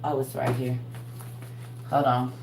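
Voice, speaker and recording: Woman, casual livestream host, lively, laughing often, echoey room. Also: a bass voice, slow, gravelly, background noise. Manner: animated, laughing, talks straight to her viewers. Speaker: host of a live online class. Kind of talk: casual livestream teaching chat.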